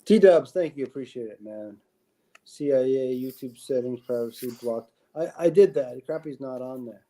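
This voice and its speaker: A man's voice: medium pitch, normal speed, mellow. A man hosting his own live stream, talking in a hesitant, easygoing way. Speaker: stream host. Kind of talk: casual live-stream chat.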